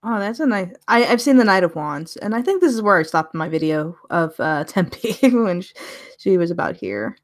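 A woman's voice: on the low side, big pitch swings, normal speed. Chatty woman gushing over tarot cards. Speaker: tarot reader reviewing a deck. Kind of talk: casual live-stream deck review.

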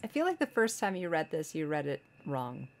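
A woman chatting casually while playing a horror game with friends, joking and reacting quickly to what she sees. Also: deep voice, sing-song. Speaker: game streamer. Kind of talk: casual co-op gaming chat.

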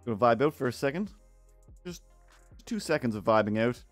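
A man chatting on his stream in a relaxed, rambling way, jokey and quick to argue with himself. His pitch moves around a lot, and the mic is close and dry. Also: dry recording, faint music behind. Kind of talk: casual art stream chat.

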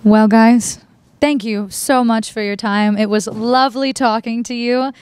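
An enthusiastic woman conducts quick interviews, her voice sitting a bit high. The sound is dry and close, with no room echo. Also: steady tone, a little mellow, clean tone. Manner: enthusiastic, bubbly. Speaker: interviewer for a local channel. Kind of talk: upbeat interview.

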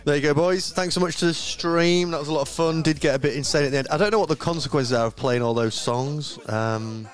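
A man's voice: fairly high pitch, brisk, few pauses, faint music behind. A young man hosting a live tournament stream, joking around and laughing easily. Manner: jokey, self-deprecating, laughs easily. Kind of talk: casual live-stream commentary.

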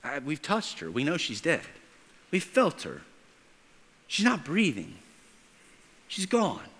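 Mocking disbelieving mourner, put on by a male preacher, higher voice, church hall echo. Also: wildly swooping pitch, takes it slowly, a bit bright, slightly rough, full character voice. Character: scornful grieving mourners at a house. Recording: church hall reverb, from off-mic.

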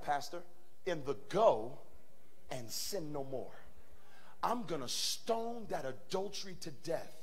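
A male pastor preaching a sermon in a church, animated and swinging from quiet talk to shouting. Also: fairly high pitch. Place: church sanctuary.

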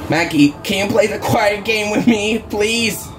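Exasperated woman streamer, slow drawn-out complaints over game music. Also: medium pitch. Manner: exasperated, frequent groans and "bruh". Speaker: gaming channel host. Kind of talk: horror game commentary. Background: game music and barking dogs.

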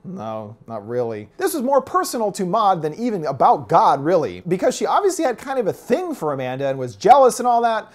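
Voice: mid-range voice, sing-song, fast, few pauses. A host narrating a casual film recap, retelling the plot with wry, joking asides.

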